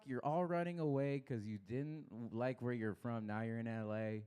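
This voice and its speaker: A young man from Los Angeles doing a crude stand-up set, baiting the crowd and swinging his pitch up and down. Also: normal speed, dark tone, clear, resonant tone. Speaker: stand-up comedian. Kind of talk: stand-up set at an open mic.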